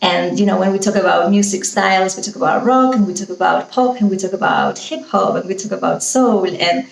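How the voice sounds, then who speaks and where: A woman's voice: medium pitch, a little fast, gravelly, echoey room, rough recording. A woman with a Spanish accent, a native Spanish speaker, teaching English pronunciation in an enthusiastic, rambling way with many fillers. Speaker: pronunciation coach. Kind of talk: teaching monologue.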